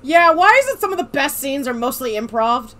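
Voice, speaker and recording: A woman streaming a golf game with friends, excitable, laughing and swearing loudly. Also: sits high, a little fast, soft background music. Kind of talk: casual gaming chat with friends.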